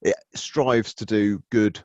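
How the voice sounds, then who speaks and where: A low-voiced man chatting on a podcast, rambling and swearing as he stops and restarts his thoughts. The sound is dull and lo-fi, with a dry, close feel and no room around it. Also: slow, darkish tone, no room sound. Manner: rambling, self-interrupting, profane. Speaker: podcast co-host. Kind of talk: casual chat.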